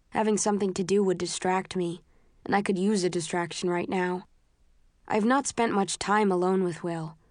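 Low-voiced woman narrating an audiobook. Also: a little mellow, no echo, clean studio sound. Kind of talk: first-person scripted narration.

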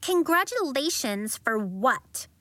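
A woman's voice: high voice, big pitch swings, slow pace, sharp tone, no echo, pitched above the performer's own voice, exaggerated voice. A woman doing a snooty, sneering schoolgirl. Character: snooty young schoolgirl, unkind.

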